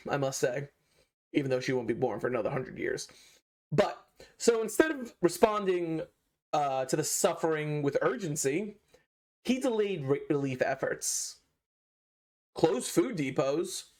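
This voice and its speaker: A man's voice: fairly high pitch, a little mellow. Young man, light voice, sardonic history storyteller with biting asides. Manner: sardonic, mock-incredulous asides. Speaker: history video host. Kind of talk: sarcastic history commentary.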